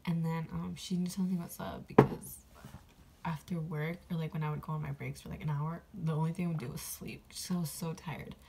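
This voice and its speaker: A woman's voice: sits low, fairly even intonation, a little fast, vocal fry, heavy background noise. A young woman vlogger casually telling a personal story, rambling with lots of fillers and getting emotional. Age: young adult.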